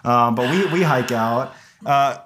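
A young man casually telling a hiking story to friends, lively and animated, jumping into high voices when he quotes himself. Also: a little slow, slight background noise. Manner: animated, acts out quotes with high-pitched apologies. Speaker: podcast co-host recounting a hike.

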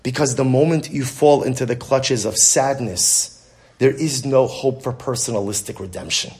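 A man giving an animated Torah lecture, repeating phrases for emphasis and reading Hebrew verses aloud. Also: mid-range voice, moderate pace. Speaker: rabbi teaching Torah.

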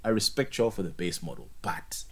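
A young man, chatting casually, animated and joking, full of slang and repeated words. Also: fairly low pitch, brisk. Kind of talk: casual chat.

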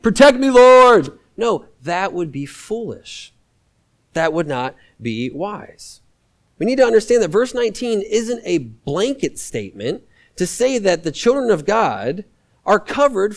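A man with a fairly high voice preaches as a guest preacher, speaking in a conversational, animated way. He repeats lines for emphasis.

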